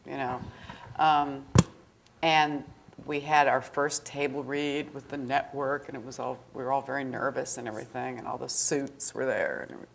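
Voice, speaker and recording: A woman from the northern United States, a guest actress answering audience questions in a chatty, anecdotal way, animated and often laughing. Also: extremely low pitch, normal speed, creaky, slight background noise. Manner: animated, laughing, acts out quoted voices.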